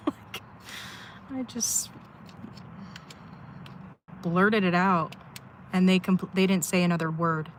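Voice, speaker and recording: Woman, slightly low voice, candid rambling livestream talk, sighing, in her car, faint hiss. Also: slow, long pauses. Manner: rambling, sighing, heartfelt venting. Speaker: live streamer. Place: inside her car at a rest stop.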